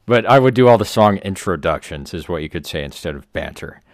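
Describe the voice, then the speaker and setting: A man co-hosting a comedy podcast, telling rambling stories in a deadpan way. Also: deep voice, fairly quick, dry recording, studio quality. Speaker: podcast co-host. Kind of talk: casual comedy podcast chat.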